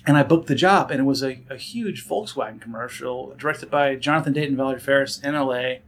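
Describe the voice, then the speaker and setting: A director and actor, guesting in a casual interview, tells career stories at a fast, animated pace with a plain mid-range pitch. He fills his talk with "um" and "like," restarts sentences, and often slips into other people's voices.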